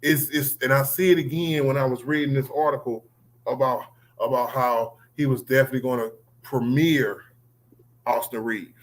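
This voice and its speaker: A man's voice: mid-range voice, fairly even intonation, moderate pace, rough recording. A man hosting a casual sports livestream, talking loosely with slang and calling on guests by name. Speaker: livestream host.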